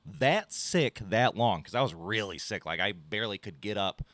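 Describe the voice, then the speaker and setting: A man's voice: fairly low pitch, animated, moderate pace, fairly bright tone, no echo. A man hosting a podcast, telling a loose, profane story and acting out both sides of his phone calls. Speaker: podcast host. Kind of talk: casual storytelling chat.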